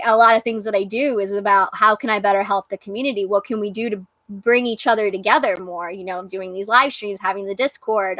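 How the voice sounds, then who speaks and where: Bright earnest woman from New York. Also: medium pitch, no room sound. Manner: earnest, emotional, reads out chat comments. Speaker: live stream host. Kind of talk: casual live stream chat.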